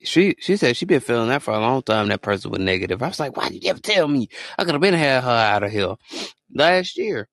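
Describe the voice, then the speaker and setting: A man chatting on a casual podcast, his voice jumping all over the place with sudden squeaky exclamations as he tells a story in slang. The mic is close and dry, with no room sound. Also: big pitch swings, fast talker, vocal fry, fairly bright tone, no echo. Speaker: podcast co-host.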